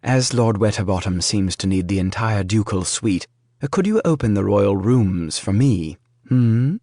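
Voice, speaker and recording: A man voicing a sly, genteel male merchant who speaks gently with mild mockery. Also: on the low side, animated, a little slow, no room sound, studio quality. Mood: wry. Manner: gentle, mildly mocking.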